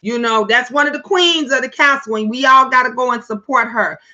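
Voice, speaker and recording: Bright high-voiced woman livestream host. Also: brisk, lo-fi sound. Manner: loud, laughing, profane and playful. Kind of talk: casual livestream chat.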